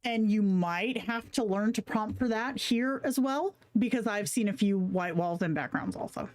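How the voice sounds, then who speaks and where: A woman's voice: mid-range voice, moderate pace, a little mellow. A woman hosting a live stream, chatting casually with slang and swearing while reading chat comments aloud. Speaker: livestream host.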